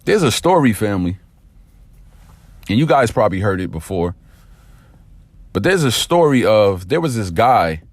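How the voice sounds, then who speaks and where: Man, motivational podcast host, energetic and direct, very animated pitch, dry close sound. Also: normal speed, pauses often, dry recording. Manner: energetic, direct, calls listeners "family". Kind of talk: motivational talk with storytelling.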